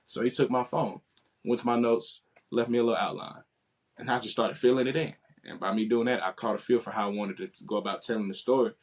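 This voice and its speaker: A man in his late twenties, a podcast guest, telling his story in an animated, slangy, casual way. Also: medium pitch, fast talker, slightly rough. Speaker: interview guest.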